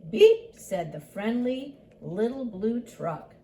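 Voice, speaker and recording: Slow, sing-song older woman reading aloud. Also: mid-range voice, expressive, mellow. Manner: slow and sing-song, voicing animal sounds. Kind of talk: picture book read-aloud.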